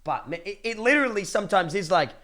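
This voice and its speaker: A man's voice: high voice, very animated, fast, a bit bright. A young man ranting casually to his livestream chat, blunt and profane, with many restarts. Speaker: streamer.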